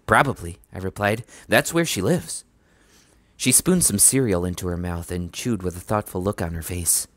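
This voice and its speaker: An audiobook reader reads a children's book aloud at normal speed, narrating in a lively way and raising his pitch for the characters' dialogue. The recording has no room sound.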